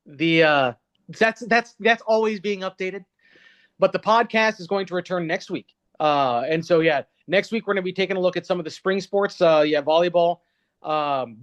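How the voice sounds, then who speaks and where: High-voiced man, rambling guest talk. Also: a bit bright. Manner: rambling, with many fillers and restarts. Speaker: guest reporter. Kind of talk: casual interview talk. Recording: dull, lo-fi sound.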